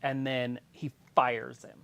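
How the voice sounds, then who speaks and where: Male co-host, gravelly, casual, animated storyteller on a live fan stream. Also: medium pitch, slow. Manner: animated storyteller, swears freely, sings off-key snippets. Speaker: co-host of a wrestling watch-along stream.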